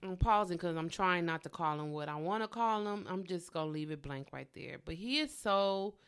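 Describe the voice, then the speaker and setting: A woman's voice: lowish voice, animated, normal speed, clean tone. A woman hosting a podcast alone, ranting casually and bluntly, swearing freely. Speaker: podcast host. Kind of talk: casual solo podcast rant.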